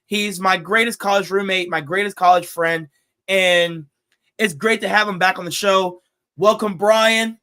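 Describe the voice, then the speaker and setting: Young male host, high-pitched, loud excitable ranter, casual sports talk. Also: measured pace. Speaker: podcast host.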